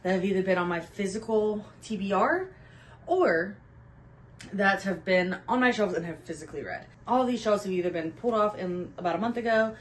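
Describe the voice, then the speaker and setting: A woman's voice: medium pitch, lively intonation, moderate pace, a little hiss or hum, low-quality recording. A young woman hosting a casual book chat at home, upbeat and a little out of breath after the gym. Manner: chatty and upbeat. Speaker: booktube host.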